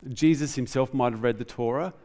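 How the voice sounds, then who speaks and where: A man preaching a conversational, animated sermon in a church. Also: mid-range voice, brisk. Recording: reverberant church hall.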